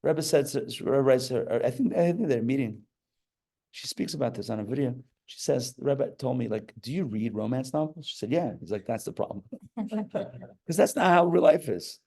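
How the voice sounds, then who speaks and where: A man giving a lively sermon as a rabbi at a live class, talking in an animated way with joking asides and acted-out quotes. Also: mid-range voice, moderate pace, gravelly. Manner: animated, acts out quoted voices, jokey asides. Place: live class before an audience.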